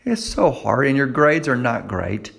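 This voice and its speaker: A man's voice: mid-range voice, lively intonation, a little slow, creaky, fairly bright tone. A man preaching a conversational sermon as a youth pastor, repeating key phrases for emphasis.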